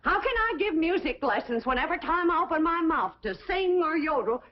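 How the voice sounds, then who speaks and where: A woman's voice: very high voice, animated, brisk. An actress playing a brash country woman music teacher, brassy and teasing. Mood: weary. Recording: dull old TV audio.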